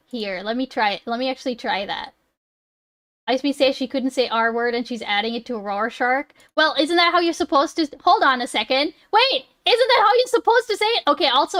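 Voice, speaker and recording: A woman's voice: sits high, a bit bright, no echo, clean studio sound. A woman streamer chatting casually, swearing and laughing as she fumbles over a word. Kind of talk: casual live-stream chat.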